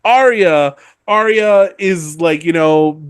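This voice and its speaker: A woman's voice: fairly low pitch, takes it slowly, clear, resonant tone, no room sound. A woman co-hosting a podcast, recapping book chapters in a rambling, profane way, correcting herself as she goes. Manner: rambling, profane, self-correcting, acts out characters. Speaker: podcast co-host.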